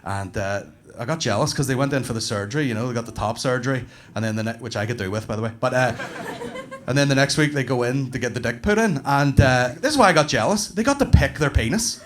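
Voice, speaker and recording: Profane Northern Irish comedian on stage. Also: male voice, medium pitch, quick pace, slight background noise. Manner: profane, animated storytelling with bursts of laughter. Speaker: stand-up comedian. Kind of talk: stand-up comedy.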